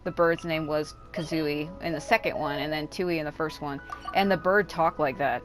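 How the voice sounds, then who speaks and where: A woman with a raspy voice chatting casually and swearing often while commenting on her gameplay, rambling off into asides. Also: deep voice, fairly even intonation, normal speed. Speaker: gaming YouTuber. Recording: game music behind the voice.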